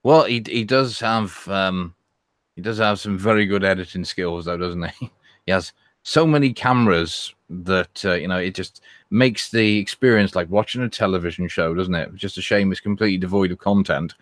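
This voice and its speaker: A man's voice: low-pitched, a bit bright, no echo. Hesitant dry-humored man, close and dry. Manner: hesitant, many pauses and fillers, dry humor. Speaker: panel guest. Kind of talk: casual online group chat.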